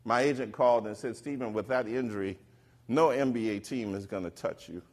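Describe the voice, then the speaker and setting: A middle-aged man on stage telling a personal story to an audience, animated and acting out the voices of the people he quotes. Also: mid-range voice, brisk. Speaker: keynote speaker. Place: stage before a live audience.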